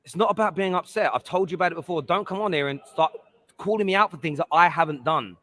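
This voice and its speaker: A man's voice: on the high side, quick pace, a bit bright. A man hosting a live football stream, talking over his caller and arguing his point. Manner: interrupting, insistent, exasperated. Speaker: livestream host. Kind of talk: heated live stream chat.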